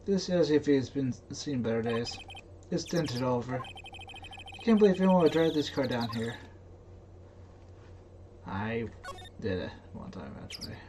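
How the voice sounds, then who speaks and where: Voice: mid-range voice, big pitch swings, unhurried, long pauses, noisy background. A game dubber reading a game's text aloud with chatty, playful asides.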